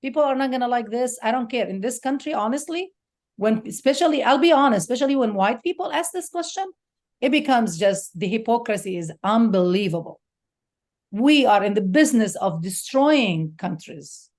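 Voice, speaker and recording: A woman's voice: a little high, fairly quick, a little mellow. A woman guest speaker at a forum, talking in an outspoken, emotional and passionate way. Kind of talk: impassioned panel talk.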